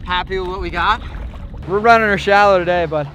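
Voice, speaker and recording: Young male fishing vlogger, high-pitched and excitable, slangy, outdoors on a boat with faint background noise. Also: brisk. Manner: excitable, slangy, peppered with "like" and "dude". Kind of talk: casual vlog narration.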